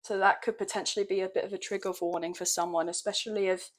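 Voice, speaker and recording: A woman's voice: mid-range voice, steady tone, fast. A woman doing a tarot reading, chatty and emotional, often checking in with her viewers. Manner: gentle, chatty, emotional, often saying "okay, guys". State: a bit croaky. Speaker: tarot reader.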